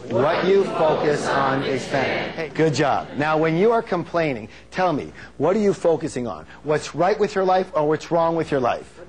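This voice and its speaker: A man giving a live motivational seminar on stage, energetic and playful, drawing call-and-response answers from the audience. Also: normal speed, few pauses. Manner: playful, acts out quotes in high silly voices.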